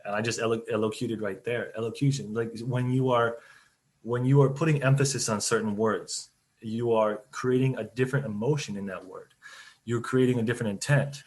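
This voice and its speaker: A man's voice: mid-range voice, steady tone, brisk, a little mellow. A man, a company CEO, giving conversational, explanatory answers in an interview over a video call. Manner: conversational, explanatory, laughs easily.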